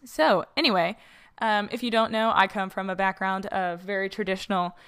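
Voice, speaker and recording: A woman's voice: medium pitch, steady tone, moderate pace, fairly bright tone, clean tone. A young woman hosting a casual solo podcast, talking in a chatty way with frequent fillers and laughs, recorded on her own mic in a house. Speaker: podcast host. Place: borrowed house, slightly echoey room.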